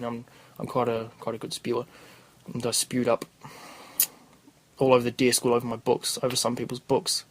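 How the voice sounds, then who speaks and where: A man's voice: medium pitch, level tone, a little fast, poor audio. A young man with a New Zealand accent, a podcast host telling rambling, crude stories in casual slang. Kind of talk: casual storytelling.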